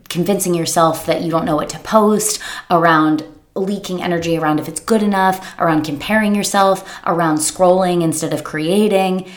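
A woman coach giving a motivational talk, emphatic and repetitive, often acting out her clients' anxious inner thoughts. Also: fairly low pitch. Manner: emphatic, repeats key phrases, acts out clients' worried inner voices. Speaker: business coach.

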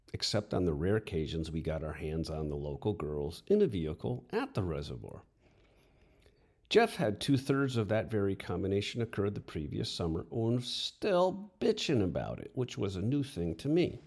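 A man's voice: on the low side, vocal fry, darkish tone, slightly rough. A man telling a first-person story with wry, crude humor.

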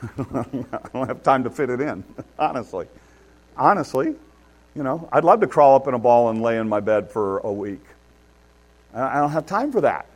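A man's voice: medium pitch, lively intonation, moderate pace, long pauses. A man preaching a sermon in an earnest, conversational way, building emphasis as he makes his points. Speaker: pastor. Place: church.

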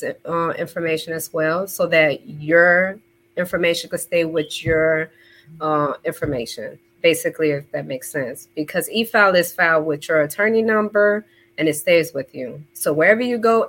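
A woman guest with a fairly low voice describes her work. She speaks deliberately and matter-of-factly. Frequent "um" pauses break up her explanations. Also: animated, fairly bright tone. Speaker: guest, legal support business owner. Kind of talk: casual interview answers.

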